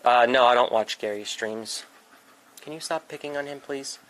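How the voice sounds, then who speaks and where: A man's voice: mid-range voice, moderate pace, a bit bright, low-quality recording. A man hosting a casual livestream from a home music setup, chatting and scolding his pets in an exasperated way.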